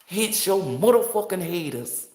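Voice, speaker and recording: A woman's voice: fairly low pitch, lively intonation, measured pace, mellow, echoey room. A woman tarot reader giving casual, motivational commentary in a brash, preachy, profane and playful manner.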